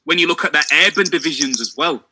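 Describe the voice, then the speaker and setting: A man's voice: on the high side, expressive, fast talker, pushed and bright, slight background noise. A young man in casual chat, speaking emphatically and often closing lines with "man". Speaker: discussion guest.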